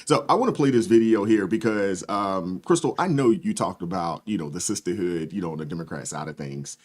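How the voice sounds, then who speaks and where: A man hosting a live stream, casually reading viewer comments aloud and chatting in a relaxed, agreeable way. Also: deep voice, fairly quick, few pauses. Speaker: host.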